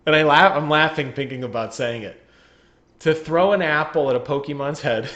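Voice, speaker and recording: A man's voice: fairly high pitch, a bit bright, muffled recording. A man chatting casually on a gaming podcast over a remote call, joking and laughing often. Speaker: podcast co-host.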